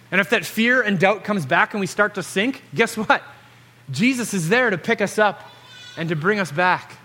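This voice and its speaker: Male preacher, high bright voice, earnest exhorting sermon delivery.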